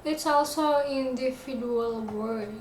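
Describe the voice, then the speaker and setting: A woman with an Indonesian accent teaching an English lesson, slowly explaining and pausing to search for words. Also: high voice, darkish tone. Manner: slow, searching for words, repeats examples. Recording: echoey room with faint noise.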